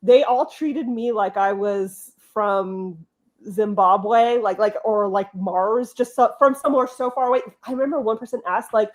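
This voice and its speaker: A woman from California in casual chat, talking with lots of fillers and quick laughs. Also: mid-range voice. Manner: chatty, many fillers and laughs. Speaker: host.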